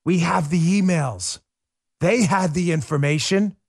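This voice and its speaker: A man's voice: a little high, a little slow, no room sound, studio quality. Fervent man hosting a talk show. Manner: fervent, with repeated rhetorical questions; addresses listeners as folks. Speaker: political talk show host. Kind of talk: opinion monologue to listeners.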